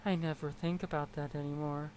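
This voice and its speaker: A woman voicing an aloof teen troll boy with flat, curt, dismissive delivery. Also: sits low, fairly quick, a little hiss or hum, lightly acted, rough recording. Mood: deadpan.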